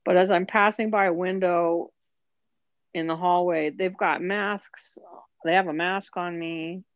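A woman's voice: lowish voice, fairly even intonation, a little slow, smooth, no room sound, muffled recording. A woman telling her own story as an interview guest, candid and emotional. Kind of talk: personal storytelling.

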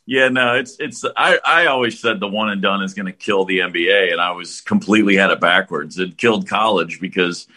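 Deep-voiced and sharp in tone, this man talks a little fast with few pauses. He co-hosts a podcast, rambling casually about college basketball and betting, restarting often and laughing.

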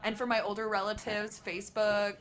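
A woman's voice: mid-range voice, level tone, a little fast. A woman musician as a podcast guest, friendly and grateful. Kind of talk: interview.

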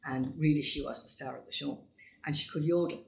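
Older Irish woman telling lively stories in a roomy space. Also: sits low, a little fast, vocal fry. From Ireland. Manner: lively anecdotal, acts out quoted voices, laughs. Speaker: guest singer. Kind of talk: conversational storytelling. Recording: roomy echo with faint ambience.

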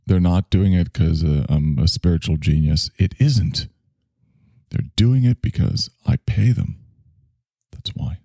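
Gravelly, deep-voiced joking podcast host. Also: male voice, unhurried, dark tone, no room sound, studio quality. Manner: joking, self-mocking, rambling; reads out listener chat messages. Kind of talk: casual live-stream podcast monologue.

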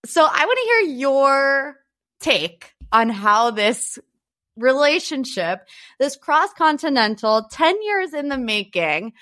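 A young woman hosting a podcast, chatting in a teasing, animated way and laughing often. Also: sits high, slow. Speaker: podcast host. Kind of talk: casual chat.

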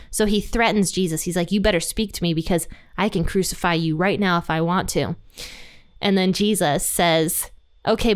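Bible teacher, woman; smooth clear voice, conversational delivery of scripture. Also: mid-range voice. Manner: conversational, paraphrases scripture in everyday words. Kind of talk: casual Bible study teaching.

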